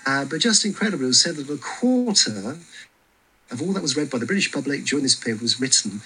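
A man leading a walking tour outdoors on a city street, telling stories in a lively way with frequent fillers. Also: mid-range voice, quick pace, a little hiss or hum, poor audio.

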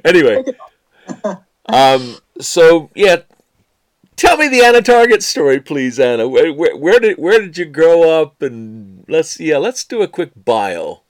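A man's voice: fairly high pitch, big pitch swings, a little slow. A man hosting an interview, chatty and playful, with lots of encouraging backchannels. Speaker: podcast host interviewing a tour guide. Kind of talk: casual interview chat.

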